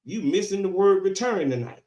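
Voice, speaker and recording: A male pastor preaching a sermon in a church, colloquial and lively, calling out to his congregation for response. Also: sits high, moderate pace, echoey room. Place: church sanctuary.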